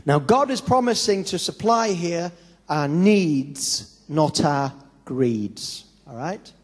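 A high-pitched man preaches a sermon in an easy, conversational way. He slips into little acted-out quotes as he goes. His voice rings with a long reverb from the hall around him. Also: animated, slow. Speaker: pastor.

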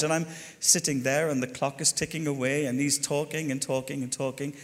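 Irish pastor preaching in an echoing hall. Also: male voice, on the high side. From Ireland. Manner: chatty and animated, talks to the congregation directly. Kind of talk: sermon storytelling. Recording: long hall reverb.

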